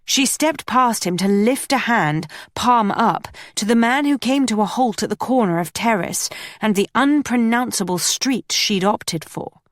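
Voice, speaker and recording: A woman's voice: fairly high pitch, no echo. Woman narrating an audiobook, dry and close. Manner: measured, steady storytelling. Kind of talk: scripted narration.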